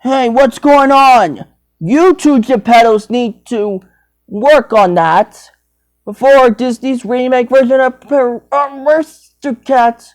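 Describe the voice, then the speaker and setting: A woman's voice: high voice, takes it slowly. A young woman acting out a playful toy role-play, switching between character voices in a rambling, swooping way.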